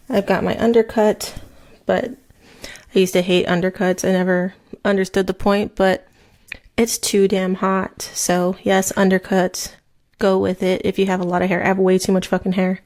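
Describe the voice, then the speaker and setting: A woman in her thirties hosts a true crime podcast in a loose, chatty ramble. She talks quickly and swears freely, with a mid-range voice. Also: medium pitch, flat delivery, darkish tone. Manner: fast, profane, rambling chat. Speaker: podcast host. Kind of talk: casual true crime chat while crocheting. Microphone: headset mic, then removed.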